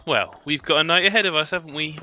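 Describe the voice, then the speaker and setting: A man voicing a polite, weary gentleman adventurer who speaks courteously with small hesitations. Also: fairly high pitch, fast. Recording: faint music behind.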